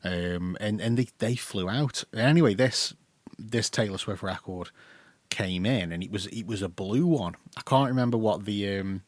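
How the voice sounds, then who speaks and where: A man's voice: lowish voice, normal speed, no room sound. A man, chatting casually as a podcast co-host and rambling with fillers and restarts. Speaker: podcast co-host, record shop worker. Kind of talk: casual chat.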